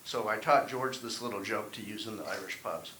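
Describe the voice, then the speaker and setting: A man's voice: lowish voice, fairly quick, sharp tone. A man performing a wry, self-deprecating stand-up set at an open mic. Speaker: stand-up comedian. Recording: echoey room, faint hiss.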